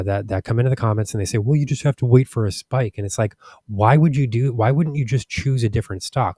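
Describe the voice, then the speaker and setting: Casual chart commentary comes from the host of a stock market channel, a man whose warm voice sits on the low side. The studio-quality recording has no room sound, and his frank, exasperated talk is full of fillers and restarts.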